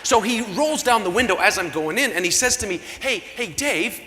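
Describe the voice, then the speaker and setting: Male gala emcee, lively up-and-down delivery, comic rambling storyteller, stage mic in a reverberant convention hall. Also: sits high, fast talker. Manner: rambling comic storytelling, packed with sponsor plugs. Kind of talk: comic storytelling to a live audience. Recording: echoey hall, faint crowd ambience.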